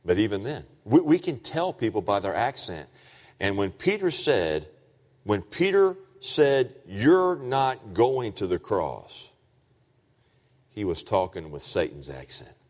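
Guy preaching, dips low and quiet then gets loud and high, lots of pitch swing, echo of a big hall. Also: sing-song, a little slow. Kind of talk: sermon. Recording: long reverb of a large hall.

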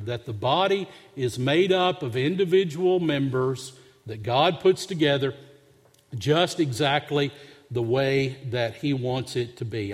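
Slow-paced preaching man in reverberant sanctuary. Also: medium pitch. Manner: storytelling with humor, earnest. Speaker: pastor. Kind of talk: sermon. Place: church sanctuary. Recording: long hall reverb.

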